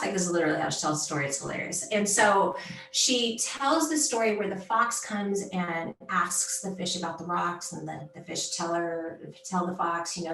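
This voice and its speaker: A middle-aged woman, a sports executive speaking as a guest in a conversational interview, talking in an animated, emphatic way and often tagging her points with "right?". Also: fairly low pitch, normal speed, gravelly, reverberant, recorded from a distance, rough recording.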